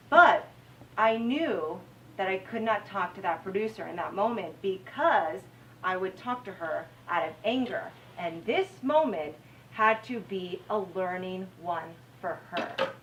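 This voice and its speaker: American woman anchor speaking at a campus event, expressive storyteller, heard from a little off-mic with a faint hum behind. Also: mid-range voice. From United States. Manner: animated storytelling, acts out her own reactions. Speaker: TV news anchor giving a talk. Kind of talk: campus talk to students. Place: university lecture room. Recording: slightly distant mic, faint room noise.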